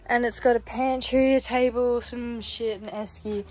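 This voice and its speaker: A young woman vlogging as she hikes a mountain trail, breathless, chatty and casually sweary. Her voice sits a little high, picked up outdoors on a handheld camera with a faint hiss of noise behind. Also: fairly even intonation, a little slow. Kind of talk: casual hiking vlog.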